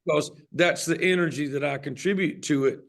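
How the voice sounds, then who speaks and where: A man's voice: on the high side, a little fast, gravelly. A man with a Southern US accent, a touring musician talking easily in an interview. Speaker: touring band musician, guest. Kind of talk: casual interview chat.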